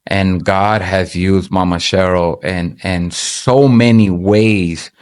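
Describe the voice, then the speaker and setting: Earnest low-voiced man giving testimony. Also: steady tone, darkish tone, smooth. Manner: earnest, halting, many restarts. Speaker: church member giving testimony. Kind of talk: personal faith testimony.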